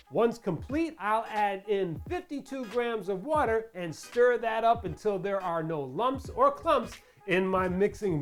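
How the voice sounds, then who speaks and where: A chatty host walks viewers through a crafting tutorial in voice-over. The delivery is playful, with asides and rhetorical questions aimed at the audience, all at an ordinary middle pitch. Soft music runs quietly underneath.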